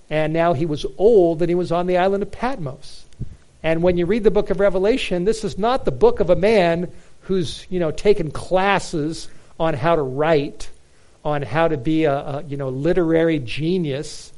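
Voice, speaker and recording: Speaking at a normal speed, this American man has a somewhat high, slightly mellow voice. His sermon about Bible prophecy comes across as earnest and emphatic, broken up by frequent restarts and filler words.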